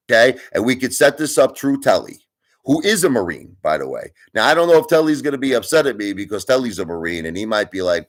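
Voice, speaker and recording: A man hosting his own channel, ranting at his viewers in a casual way, emphatic and argumentative, often asking "you understand?". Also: medium pitch. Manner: argumentative, speeds up and slows down for emphasis. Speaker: channel host. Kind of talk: casual opinion rant to viewers.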